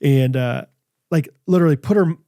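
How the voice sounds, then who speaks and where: This podcast co-host, a man in his thirties, speaks in a fairly high pitch and fairly quickly, recorded in a clean studio with no room sound. He rambles through lively stories packed with fillers and reads ads in a casual way.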